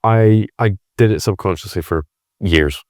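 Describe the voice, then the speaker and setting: A Scottish man talking as a podcast guest in a casual conversation, telling stories in a lively way with many restarts. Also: deep voice, measured pace, no echo, clean studio sound. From Scotland. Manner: animated storytelling with many restarts.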